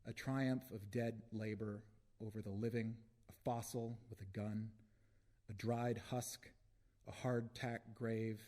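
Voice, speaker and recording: Male poet, low voice, very slow measured reading at a live launch event. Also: flat delivery, mellow. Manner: slow, deliberate delivery with long pauses. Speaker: poet reading his work. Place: book launch reading before an audience.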